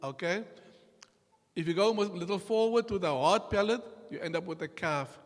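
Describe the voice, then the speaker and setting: A man teaching a class in a mosque, slow and patient, repeating each sound for his students to copy. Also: high voice. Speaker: Qur'an recitation teacher. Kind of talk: classroom lesson. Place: mosque hall. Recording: long hall reverb.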